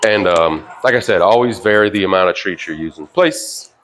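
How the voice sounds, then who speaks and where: A very low-voiced man talks through dog training in a loose, casual way, full of "you know" and "like". His commands to the dog come out short, a bit louder and sharper than the rest of his speech. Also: fast talker, slight background noise. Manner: relaxed, rambling with fillers, sharp higher commands to the dog. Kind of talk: casual instructional talk. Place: indoors with a dog.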